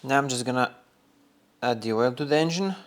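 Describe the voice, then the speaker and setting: A man's voice: mid-range voice, expressive, fairly quick. A man hosting a car restoration video, explaining each step casually while he works in a garage workshop. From Norway.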